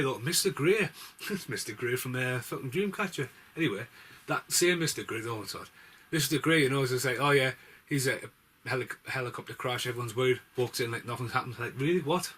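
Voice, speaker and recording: A man's voice: medium pitch, animated, brisk, fairly bright tone, husky. A man reviewing movies in casual, rambling chat, swearing freely as he goes.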